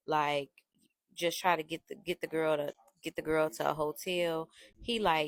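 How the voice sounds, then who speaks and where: A woman tells a storytime in a brash, profane, animated way. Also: low voice, moderate pace, no room sound. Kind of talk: casual storytime.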